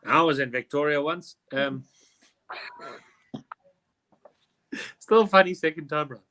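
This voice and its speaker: A man with a slightly higher voice hosts a laid-back quiz show. He reads out the questions and then wanders into cheeky, joking tangents, swearing casually and laughing along. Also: expressive, takes it slowly, pushed and bright. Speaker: quiz host. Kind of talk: casual quiz hosting with banter.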